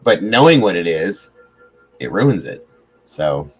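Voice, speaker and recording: A man's voice: sits low, big pitch swings, slow pace, slightly rough, soft background music, poor audio. A man hosting a late-night livestream, tired after hours on air, telling rambling, profane stories in casual chat. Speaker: livestream host.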